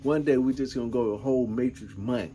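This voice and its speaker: A middle-aged man in a casual vlog, rambling through a story in an easygoing way. His voice sits at an ordinary middle pitch, and faint background noise hums behind him. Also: a little fast, mellow. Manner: laid-back, rambling, peppered with "man" and "you know what I'm saying". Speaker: vlogger.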